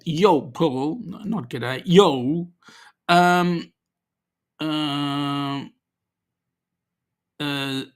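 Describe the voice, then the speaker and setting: A man's voice: fairly high pitch, a bit bright, clear, resonant tone. An Australian man hosting a casual livestream, reading viewer comments aloud in a chatty, easygoing way with lots of ums. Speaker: livestream host.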